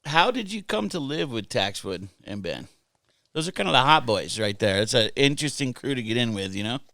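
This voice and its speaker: Male co-host, bright crisp voice, teasing banter, dry close sound. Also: mid-range voice, very animated, dry recording. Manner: joking, teasing, quick asides. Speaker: podcast co-host. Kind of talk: casual podcast banter.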